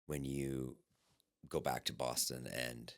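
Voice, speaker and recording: A man's voice: rumbling low, slow pace. A man hosting a podcast, chatting casually and trading stories with his guest. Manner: laid-back listener with lively asides. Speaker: podcast host. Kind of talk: casual chat.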